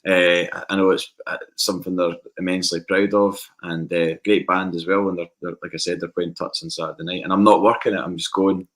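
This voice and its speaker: A man with a Scottish accent telling lively anecdotes in a casual podcast chat. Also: low-pitched, fairly quick, hardly any pauses. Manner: animated anecdotes with acted quotes. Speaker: podcast guest.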